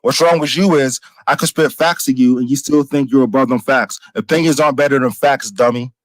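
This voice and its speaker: A man's voice: mid-range voice, fairly quick, no echo, low-quality recording. A man arguing heatedly on a panel, insulting and combative, repeating his points. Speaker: panel debater. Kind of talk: heated argument.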